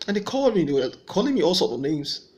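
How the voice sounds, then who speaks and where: A man's voice: on the high side, big pitch swings, fast, a little mellow. A man giving an earnest personal faith testimony, telling his story and voicing remembered dialogue.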